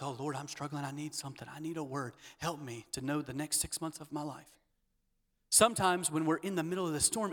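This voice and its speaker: A man preaching a sermon as pastor, leading the congregation in repeated declarations and swinging from hushed asides to loud, emphatic lines. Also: fairly high pitch. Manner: leads call-and-response repetition. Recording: long hall reverb.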